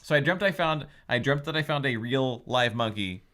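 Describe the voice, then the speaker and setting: A man's voice: medium pitch, moderate pace, fairly bright tone. A man hosting a podcast in casual chat, joking and laughing often. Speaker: podcast host.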